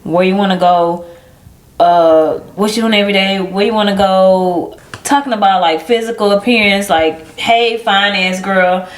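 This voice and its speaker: A woman's voice: medium pitch, moderate pace, reverberant. A woman co-hosting a podcast, talking bluntly and with emphasis in casual chat. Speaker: podcast co-host.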